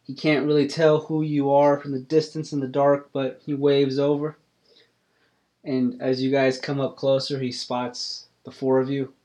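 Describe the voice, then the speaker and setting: A man narrating a tabletop game as game master, describing the scene in a relaxed way. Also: medium pitch, a little slow. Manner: relaxed, descriptive, second-person.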